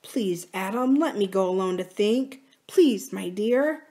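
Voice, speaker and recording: A woman reading aloud and voicing a wounded, scheming young woman who speaks slowly and softly to coax. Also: mid-range voice, animated. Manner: soft, slow, coaxing.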